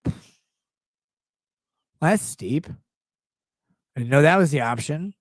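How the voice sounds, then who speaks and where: A man riffing on a livestream in a crude, joking, sarcastic way. His pitch leaps and dips all over the place as he acts out bits. The sound is close and dry, with no room around it. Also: slow, dry recording. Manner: profane, mocking, animated riffing. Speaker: livestream host. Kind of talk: casual irreverent monologue.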